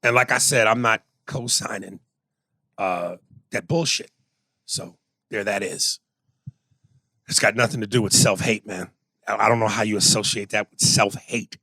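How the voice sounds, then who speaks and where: A man's voice: lowish voice, normal speed, pauses often, pushed and bright, no room sound. A man co-hosting a podcast in casual banter, bluntly reading out listener messages and judging them. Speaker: podcast co-host.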